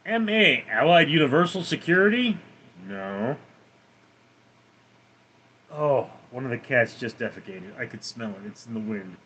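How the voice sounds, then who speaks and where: A man's voice: mid-range voice, animated, unhurried, long pauses, a bit bright, slight background noise. A man live-streaming from home with his cats, reading viewer comments aloud and answering them offhandedly. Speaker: livestreamer reading chat. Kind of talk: casual live-stream chat.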